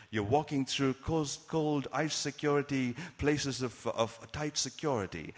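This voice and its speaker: A male preacher delivers a sermon in a mid-range voice, building vivid scenes and asking his listeners pointed rhetorical questions. His voice carries a long reverb, as if he is speaking in a large hall. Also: mid-range voice. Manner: dramatic storytelling with rhetorical questions.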